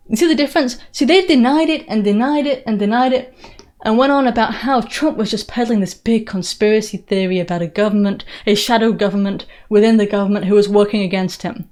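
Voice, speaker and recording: A woman's voice: mid-range voice, brisk, darkish tone. A woman from England with a blended English and American Southern accent, doing live-stream political commentary with a sarcastic, mocking manner and frequent restarts. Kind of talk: live-stream commentary answering viewer questions.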